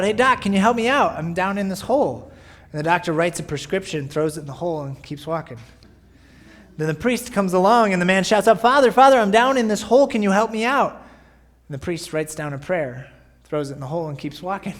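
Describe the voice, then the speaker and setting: A male pastor preaching a sermon in a conversational way, often checking in with his listeners. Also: a little high. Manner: conversational, often asking "right?". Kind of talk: sermon podcast.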